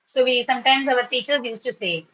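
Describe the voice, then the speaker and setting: A woman's voice: a little high, fairly quick, fairly bright tone, highs cut off. A woman teacher, running a spoken class patiently and praising students often, sometimes switching into to explain. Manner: switches into Tamil when explaining. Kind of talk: online spoken English class.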